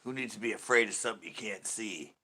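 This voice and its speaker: A man's voice: lowish voice, sharp tone, husky. A man putting on a southern accent to play a scoffing, mask-refusing figure. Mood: mocking. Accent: put-on Southern US. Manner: slow, mocking drawl. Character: mocking man in a put-on southern drawl.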